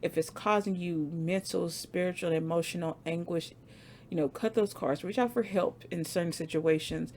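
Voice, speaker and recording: A young woman giving a casual tarot reading, animated and slangy, laughing often and repeating phrases for emphasis. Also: lowish voice, moderate pace, a little hiss or hum. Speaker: tarot reader.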